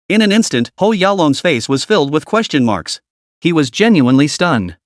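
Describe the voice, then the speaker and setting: A man's voice: fairly high pitch, very animated, normal speed, no echo, clean studio sound. A man narrating a comic recap story in an emphatic, dramatic scripted style.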